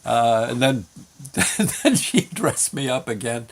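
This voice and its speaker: An older man hosting his own show, telling a rambling childhood story with chuckles and halting restarts. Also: medium pitch, sing-song. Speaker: show host.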